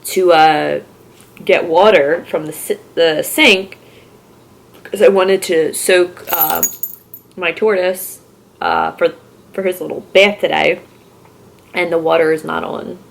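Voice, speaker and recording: A young woman vlogger from Philadelphia rambles through a casual story, filling it with "like" and curse words. Her voice sits a little low and has a gravelly, fry-laced edge. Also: steady tone, slow, long pauses. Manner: rambling, full of "like" and swearing. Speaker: horror vlogger.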